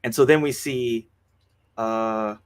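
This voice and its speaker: A man's voice: mid-range voice, steady tone, slow, clear, resonant tone. A man co-hosting a podcast, recapping movie scenes in casual chat with lots of fillers and restarts. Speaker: podcast co-host. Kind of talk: casual film review chat.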